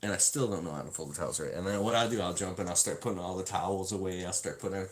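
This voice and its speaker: Heard over poor audio, a man with a fairly low voice talks at a moderate pace. He's a self-help video host who reads from a self-help book to camera before rambling into a self-mocking, heavily profane story.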